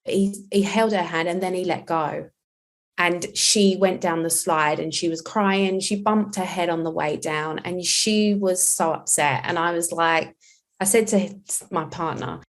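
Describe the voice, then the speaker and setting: A woman's voice: fairly low pitch, unhurried. A woman hosting a podcast conversation about parenting, talking in an earnest, reflective way as a mother. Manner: earnest and reflective, acting out quoted lines.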